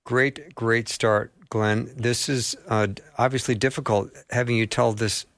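A man's voice: mid-range voice, steady tone, measured pace, fairly bright tone. A man hosting a radio interview, attentive and reacting briefly to his guest. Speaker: radio host.

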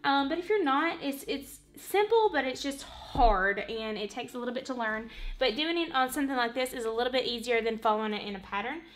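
A woman's voice: on the high side, fairly quick. A woman giving a casual, rambling craft tutorial at home, saying "y'all" and "literally" a lot. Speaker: craft vlogger. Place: home, working on a wall hanging.

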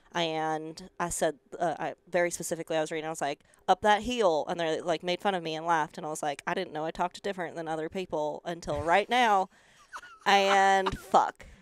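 A young woman from rural Colorado with a country twang, telling stories as an interview guest in an animated, sarcastic way, swearing freely and acting out the people she quotes. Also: low-pitched, smooth, no echo. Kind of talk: casual interview storytelling.

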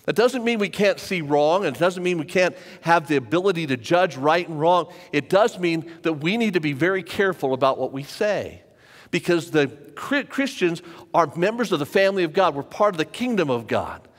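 A pastor preaching a sermon to a live congregation in a church, talking conversationally and repeating phrases for emphasis. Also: male voice, on the high side, lively intonation, moderate pace. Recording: long church reverb.

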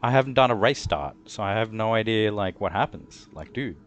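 Low-voiced young man chatting while streaming. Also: expressive, brisk, slight background noise. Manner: rambling, chatty, laid-back. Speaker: gaming streamer. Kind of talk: casual live-stream commentary.

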